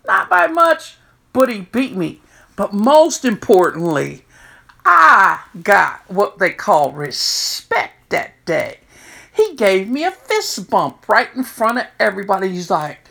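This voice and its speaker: A middle-aged woman, a prison chaplain, telling stories in a lively way and jumping higher when she quotes people. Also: vocal fry. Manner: animated storyteller, jumps high to quote herself and others. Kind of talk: storytelling talk.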